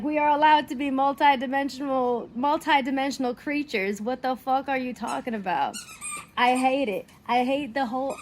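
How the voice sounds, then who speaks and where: A young woman content creator in an animated, exasperated rant, emphatic and swearing often. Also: a little high, slight background noise.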